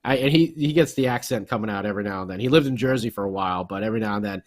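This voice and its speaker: A man co-hosting a casual hockey podcast, jokey and excitable, laughing often as he chats. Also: on the low side, very fast. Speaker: podcast co-host.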